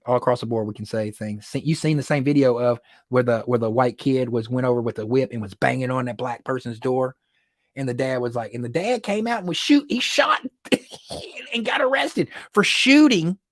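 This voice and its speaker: A man hosting a casual livestream, telling stories in an excitable way, laughing often and repeating words when worked up. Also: medium pitch, normal speed, no room sound, clean studio sound. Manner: animated, excitable storytelling with frequent laughs. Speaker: livestream host.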